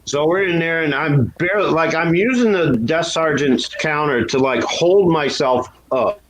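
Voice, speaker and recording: A man's voice: moderate pace, crowd noise, poor audio. A man chatting casually and candidly about his past, laughing at himself and lifting his voice when acting out what others said. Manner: candid and self-deprecating, laughs at own story; raises pitch to act out quoted voices. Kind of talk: casual chat.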